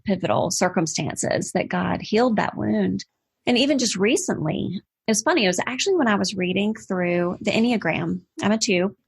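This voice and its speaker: Gravelly, husky woman in her forties. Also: medium pitch. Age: 40s. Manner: earnest and reflective. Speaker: podcast guest. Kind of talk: casual interview conversation.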